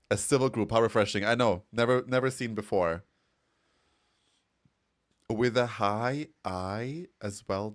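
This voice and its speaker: A man's voice: fairly low pitch, unhurried, long pauses. A man streaming a game, chatting casually and giggling as he reacts to chat messages.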